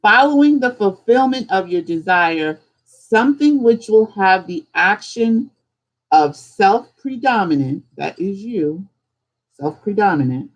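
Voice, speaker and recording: Captured in poor audio through a streaming setup, a mid-range voice teaches informally on a live stream. The host chats along, rattles off rhetorical questions, and performs little examples using different voices.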